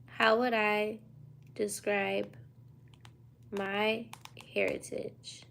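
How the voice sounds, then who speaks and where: A woman's voice: mid-range voice, flat delivery, drawn-out words, creaky, fairly bright tone, a little hiss or hum. A woman in her twenties from the United States, tired and yawning, chatting casually on a livestream from a hotel room at night. She reads viewer questions aloud and answers in a loose, slangy drawl. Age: 20s.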